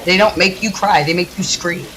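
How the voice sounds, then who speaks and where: A woman from the United States, a gaming streamer, ranting in a heated, profane, rapid-fire way while she plays. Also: on the low side, background noise. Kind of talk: casual ranting during a livestream.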